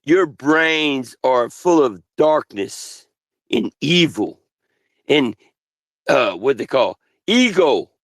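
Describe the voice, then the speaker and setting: A man's voice: mid-range voice, sing-song, dry recording. A man ranting angrily, full of swearing and grandiose threats, lecturing the people around him. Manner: grandiose, threatening, swears constantly, slow drawn-out delivery. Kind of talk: angry profane rant.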